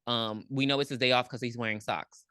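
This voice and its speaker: A woman's voice: rumbling low, steady tone, a little fast, a bit bright, clear, resonant tone, no room sound, studio quality. A woman co-hosting a podcast, retelling a movie's plot in casual chat, acting out the characters' lines and swearing freely. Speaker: podcast co-host.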